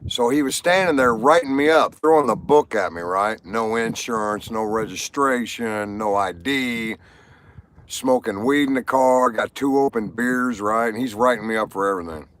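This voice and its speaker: A man with a mid-pitched, everyday voice hosts a live stream. He rambles through personal stories and jokes, talks casually to the viewers, and laughs at his own punchlines. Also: moderate pace, fairly bright tone. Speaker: livestream host. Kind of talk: casual joke-telling livestream.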